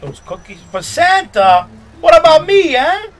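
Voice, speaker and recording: A man's voice: on the high side, animated, a bit bright. A man doing a swaggering Italian-American mobster. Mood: rowdy. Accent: Italian-American New York mobster. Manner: tough-guy, swaggering, quick to pick fights. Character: brash middle-aged male Italian-American mobster. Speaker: gaming YouTuber. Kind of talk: in-character comedic gameplay commentary. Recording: roomy echo with game music behind.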